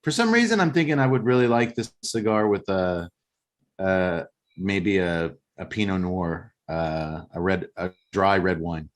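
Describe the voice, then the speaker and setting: A man's voice: sits low, a little slow. A man co-hosting a casual podcast, telling a movie plot as a joking storyteller. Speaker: podcast co-host. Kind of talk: casual chat and movie recap.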